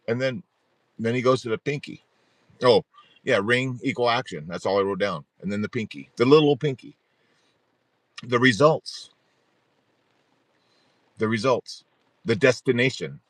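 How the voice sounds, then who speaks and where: A middle-aged man of middling pitch tells a story on a live stream. He rambles, doubles back and restarts his sentences as he goes. His voice sounds dry and close, with no room echo. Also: normal speed, pauses often. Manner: animated, rambling storyteller who restarts sentences and laughs at himself. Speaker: host of a support group livestream. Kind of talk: casual storytelling on a livestream.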